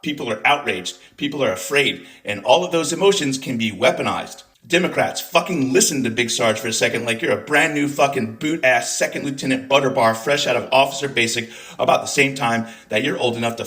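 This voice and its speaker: An American political commentator with a medium-pitched, fairly bright voice delivers a furious, venomous rant, laced with profanity and sarcasm.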